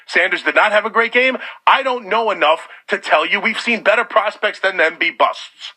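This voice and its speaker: High-pitched ranting New radio host. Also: male voice. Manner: loud, sarcastic, exasperated. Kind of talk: sports talk radio rant. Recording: radio broadcast.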